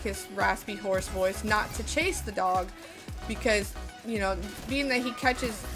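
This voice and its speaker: A woman streamer telling a story in a rambling, casual way while she plays a game, swearing often. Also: mid-range voice. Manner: rambling, lots of fillers and swearing. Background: music.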